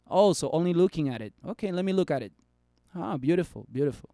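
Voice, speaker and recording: Male streamer, high clear voice, casual chart talk, dry close mic. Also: big pitch swings, fast talker, a little mellow, no echo. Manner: chatty, bantering with chat. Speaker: stock market streamer. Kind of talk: casual live stock analysis.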